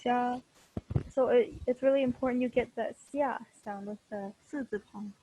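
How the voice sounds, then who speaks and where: A young woman teaching a class over a video call, explaining patiently and slowly with many fillers and restarts. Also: on the high side, warm tone, a little hiss or hum, poor audio. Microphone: computer mic on a video call.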